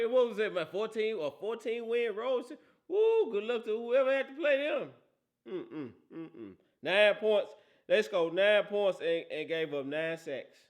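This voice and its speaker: A man hosting a casual football talk show, teasing and laughing often, with a habit of asking "right?". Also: high voice. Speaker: host.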